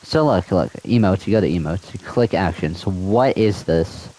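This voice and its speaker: A man's voice: low-pitched, moderate pace, dark tone, rough recording. A young man in a casual gaming vlog, ranting with frustration and repeating himself. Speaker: gaming video creator.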